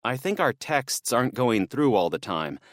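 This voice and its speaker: A man reading an audiobook voices an anxious, eager young man on the phone with his father while driving, sounding pleading, his voice tight with worry. He speaks at a moderate pace, very animated, pitching a mid-range voice above his own natural one. The sound is clean studio audio with no echo.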